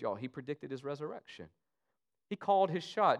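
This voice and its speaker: A man preaching an Easter sermon, swinging between loud emphasis and soft, low asides. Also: very animated, fast, pauses often. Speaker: pastor.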